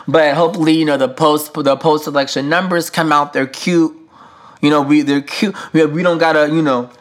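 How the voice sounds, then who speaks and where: A podcast host talks through his feelings in a candid, emotional solo monologue, swearing freely and using casual slang and lots of fillers. His voice is fairly high-pitched and a bit bright.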